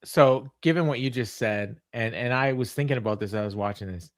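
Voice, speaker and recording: A man's voice: mid-range voice, fairly quick, no room sound. A man co-hosting a wrestling podcast, recapping a show in casual chat and laughing often. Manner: storytelling with frequent laughs. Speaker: podcast co-host. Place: home studio on remote call.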